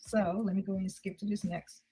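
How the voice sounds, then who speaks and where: A woman hosting a casual livestream, chatting loosely with her viewers and tossing off quick apologies between clips. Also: mid-range voice, little pitch movement, mellow, soft background music, rough recording. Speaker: livestream host. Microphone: headset with earpiece.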